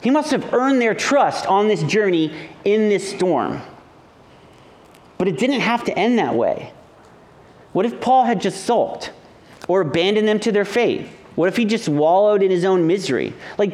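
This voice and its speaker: A man, a young or middle-aged father, preaching a conversational sermon. He is animated and jokey, tells stories and acts out the people in them. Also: sits high. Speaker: pastor.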